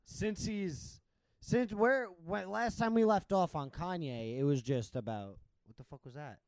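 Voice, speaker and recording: A podcast host talking in loose, excitable chat, peppered with swearing. His voice sits fairly high for a man. The recording is dry and close, with no room sound. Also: unhurried, no room sound. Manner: animated, profane, excitable. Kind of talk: casual chat.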